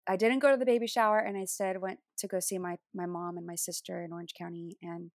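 A woman's voice: fairly low pitch, level tone, quick pace, dry recording, studio quality. A woman in her thirties, a worship leader, telling a personal testimony in an interview, earnestly acting out remembered dialogue.

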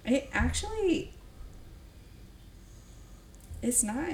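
A woman's voice: high voice, very animated, drawn-out words, a little hiss or hum. A young woman co-hosting a podcast, chatty and playful, giggling through casual conversation. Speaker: podcast co-host. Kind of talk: casual chat.

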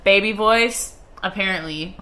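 A woman's voice: mid-range voice, unhurried, bright, forceful tone. A young woman co-hosting a podcast, chatting casually in a blunt, sweary, opinionated way. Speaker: podcast co-host. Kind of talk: casual chat.

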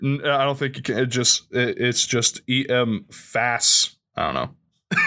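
Young male podcast co-host, bright tone, very animated delivery, casual and jokey. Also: mid-range voice, takes it slowly. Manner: animated, reads rules aloud with jokey asides. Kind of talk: casual chat.

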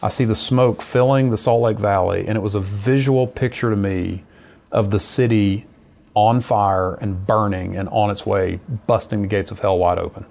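A middle-aged man, a missionary, telling his personal testimony in an earnest, lively conversational way. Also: on the low side, moderate pace, vocal fry. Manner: earnest storyteller, lively retelling.

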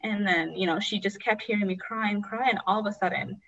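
Young woman telling a rough personal story, halting and earnest, lots of "like", sound a bit dull and lo-fi. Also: mid-range voice, fairly even intonation, fairly bright tone. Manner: earnest, halting, many "like" fillers. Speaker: guest sharing her story.

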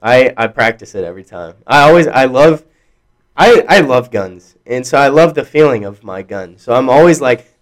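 A man's voice: medium pitch, animated, normal speed. A young man co-hosting a podcast in casual chat, blunt and profane, often restarting his sentences. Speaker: podcast co-host.

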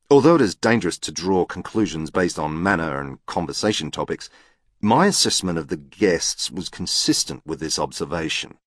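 Low-voiced guy reading an audiobook, exact and deadpan, dry close mic. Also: normal speed, no room sound. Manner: precise, matter-of-fact. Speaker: audiobook narrator. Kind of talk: scripted first-person narration.

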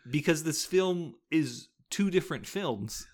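A man's voice: a little high, lively intonation, a little slow. A man co-hosting a casual movie podcast, retelling the plot and arguing his point with rising emphasis. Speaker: podcast co-host. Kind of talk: casual movie-review chat.

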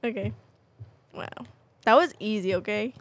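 A young woman co-hosting a casual podcast, giggly and excitable, teasing her co-host. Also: medium pitch, moderate pace. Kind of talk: casual chat.

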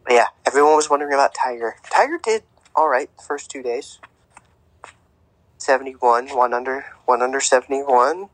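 A man's voice: mid-range voice, moderate pace, a bit bright, no room sound, poor audio. A man co-hosting a podcast, chatting casually about sports with lots of fillers and restarts. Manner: rambling, with many fillers and restarts. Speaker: podcast co-host.

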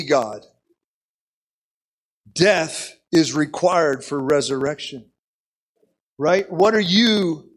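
Animated high-voiced male preacher. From United States. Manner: animated, repeats words, frequent "okay?". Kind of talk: sermon storytelling.

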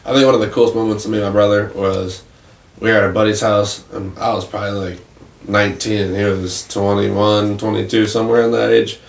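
A man's voice: on the low side, little pitch movement, a little fast, vocal fry, far from the mic. A young man, a podcast co-host, telling a long rambling story in casual chat and swearing freely. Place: attic room. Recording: roomy echo, off mic.

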